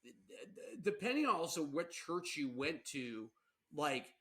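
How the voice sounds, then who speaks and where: A young man rambles through a casual podcast chat, animated and quick to laugh, with a bright tone. His voice sits a little high for a man, and he stumbles over restarts as he goes. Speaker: podcast co-host.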